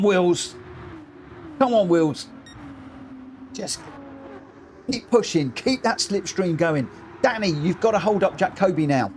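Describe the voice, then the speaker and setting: A man commentating a racing game live, excitable, cheering drivers on and breaking into shrieks of laughter. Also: fairly high pitch, a little hiss or hum. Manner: cheers drivers on with repeated phrases.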